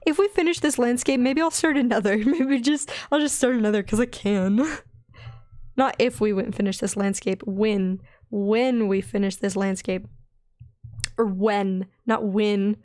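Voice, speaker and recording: A young woman with a light Southern accent, chatting in a bubbly, rambling way while she draws on a stream, often giggling and getting excited. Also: mid-range voice, normal speed, dry recording, clean studio sound, soft background music. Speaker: digital artist streaming her drawing. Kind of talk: casual chatty art stream.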